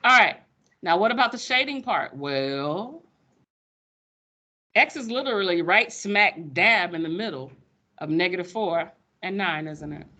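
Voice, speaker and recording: A woman's voice: fairly low pitch, lively intonation, unhurried, long pauses, sharp tone. A woman teaching a math class, sassy and playful with her students. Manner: sassy, playful, calls students sugar baby.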